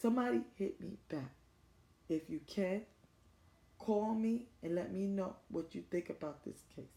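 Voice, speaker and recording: A woman's voice: medium pitch, a little slow, gravelly, dark tone. A distressed middle-aged American woman making an urgent, repetitive appeal straight to camera as a grieving mother. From United States. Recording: roomy echo.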